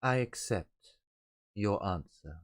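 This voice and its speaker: A game master voicing a soft, noble, elderly-sounding telepathic figure who speaks slowly and formally. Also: male voice, on the low side, animated. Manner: slow, measured, formal. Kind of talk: tabletop role-play voicing.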